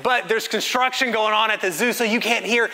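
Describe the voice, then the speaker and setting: A man's voice: sits high, a little fast, creaky. A man, preaching as a pastor and telling a funny family story with acted-out quotes. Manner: animated, self-mocking storytelling with acted-out quotes. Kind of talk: sermon storytelling. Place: church sanctuary. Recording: reverberant church hall.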